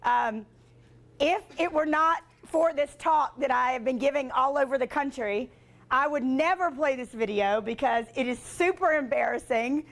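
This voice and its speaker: High-voiced chatty woman telling stories. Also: moderate pace. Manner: chatty, filler-heavy with frequent "like"; self-deprecating humor. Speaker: motivational speaker and sportscaster. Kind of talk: storytelling motivational talk.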